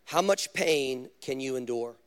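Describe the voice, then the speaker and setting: A man, a pastor, preaching a sermon with animated storytelling and direct questions to the congregation. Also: mid-range voice, a little slow, clear, resonant tone.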